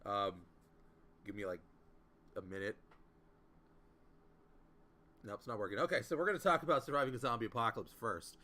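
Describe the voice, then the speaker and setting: A man co-hosting a live-streamed chat show, chiming in with dry, deadpan quips. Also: fairly low pitch, fairly quick, long pauses. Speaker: podcast co-host.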